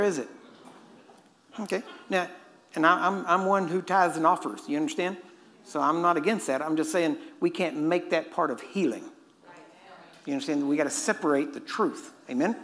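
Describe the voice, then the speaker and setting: A man's voice: high voice, normal speed, long pauses, a bit bright. A man preaching a sermon, emphatic and constantly quizzing his listeners. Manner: emphatic, questioning the audience.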